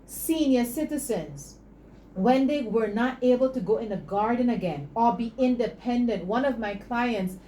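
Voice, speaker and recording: A woman, a guest in an interview, telling stories and making her pitch with preachy passion. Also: expressive, moderate pace, dark tone, a little hiss or hum, low-quality recording. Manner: passionate, preachy, acts out dialogue. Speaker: entrepreneur guest.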